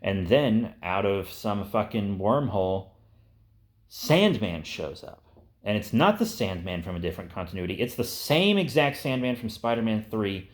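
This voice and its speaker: A man's voice: on the low side, big pitch swings, normal speed. A young man in casual chat, rambling through his ideas with frequent fillers and cursing. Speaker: host. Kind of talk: casual pitching of movie ideas.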